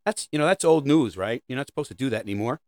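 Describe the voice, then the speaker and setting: Middle-aged dad going off sarcastic and rambly, voice jumps all over, dry close sound. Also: male voice, medium pitch, expressive, fast, darkish tone, no room sound. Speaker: comedic host. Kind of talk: comedic monologue.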